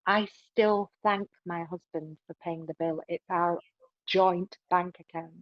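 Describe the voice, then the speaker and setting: A woman's voice: on the low side, steady tone, a little slow, no room sound, dull audio. A woman being interviewed on a podcast, giving relationship advice in an emphatic way and often adding "right?" to her points. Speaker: podcast guest.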